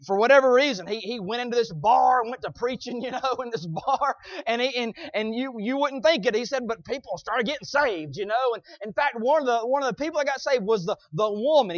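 A male preacher delivering an emphatic sermon, punctuating his points with "Amen?" and swinging from shouts to quiet asides. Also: high voice, dry recording. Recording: dull, dry lo-fi recording.

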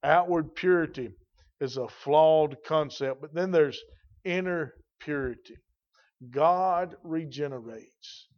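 A man's voice: on the high side, slow. Folksy man preaching a sermon, muffled. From rural. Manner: folksy, emphatic preaching with rising and falling intensity.

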